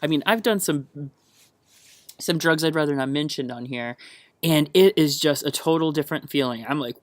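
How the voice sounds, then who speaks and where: A man's voice: on the high side, moderate pace, dry recording. A young man from the American South rambles on a solo podcast, chatty and hyper on a caffeine buzz. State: wired on caffeine. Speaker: podcast host.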